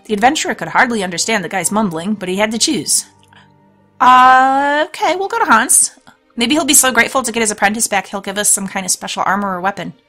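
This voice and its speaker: A woman's voice: a little high, fast talker, bright, forceful tone, soft background music. A woman hosting a let's play, reading a storybook game aloud with chatty, laughing asides. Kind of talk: let's play narration and commentary.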